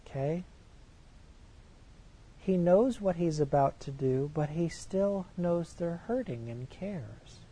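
A man with a high-leaning, expressive, dark and slightly rough voice preaches a sermon slowly, on a rough recording. He reads scripture verses aloud and comments on them earnestly and emphatically, posing rhetorical questions.

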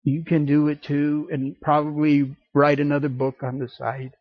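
A man preaching a sermon in an animated way, acting out little voices and jokey asides. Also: a little high, normal speed, no echo, muffled recording.

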